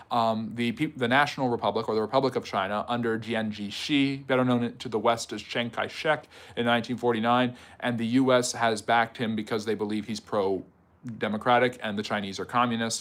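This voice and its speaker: A man hosting a livestream history lecture, answering chat questions in a conversational way with fillers and quick rebuttals. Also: medium pitch, fairly bright tone.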